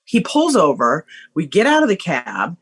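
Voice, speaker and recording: A woman guest telling a story in a casual, animated way, laughing often and using lots of fillers. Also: on the low side, normal speed, breathy edge.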